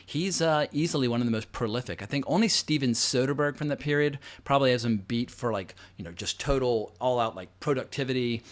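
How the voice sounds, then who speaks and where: Rambling man in his forties. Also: mid-range voice. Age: 40s. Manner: rambling, conversational, with asides and fillers. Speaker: host. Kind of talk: casual film commentary.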